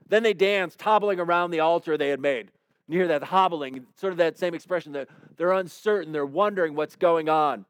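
A man's voice: a little high, smooth, dry recording. A man preaching a sermon, retelling a Bible story in a conversational way and acting out quotes with playful humor.

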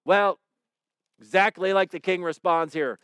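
A man's voice: sits high, fairly even intonation, a little slow, fairly bright tone, clear, resonant tone, no echo, studio quality. A man preaching a sermon in a conversational way, retelling a parable and acting out its quoted lines. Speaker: pastor.

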